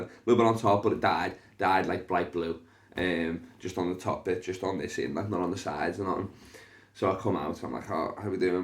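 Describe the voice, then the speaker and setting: Liverpool comedian-host, young, lowish voice, animated storyteller who swears freely. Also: male voice. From Liverpool, England. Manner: animated, swears a lot, acts out voices in his stories. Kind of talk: casual storytelling chat.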